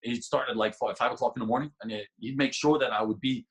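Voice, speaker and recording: A man's voice: medium pitch, quick pace, breathy edge, rough recording. A man guest on a podcast, telling a story casually with lots of restarts and laughter. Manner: animated, laughing, many restarts.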